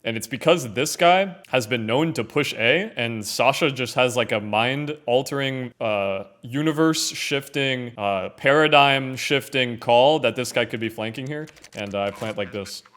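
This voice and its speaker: A young man giving casual, filler-heavy commentary over his own gameplay footage, often trailing off quietly. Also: medium pitch, unhurried, hardly any pauses. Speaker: gaming content creator.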